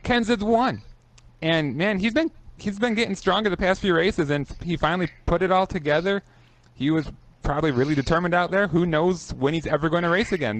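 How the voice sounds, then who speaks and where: A man co-hosting a casual racing podcast, with a voice a little higher than most men's. He talks earnestly and lets some emotion through. The delivery is loose and conversational. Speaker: podcast co-host. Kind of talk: casual sports podcast chat.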